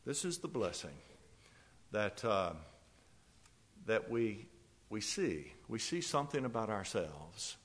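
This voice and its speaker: A male preacher delivering a fervent sermon, repeating phrases and swinging between loud declarations and soft, pleading asides. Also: lowish voice, sing-song, slow pace, pauses often.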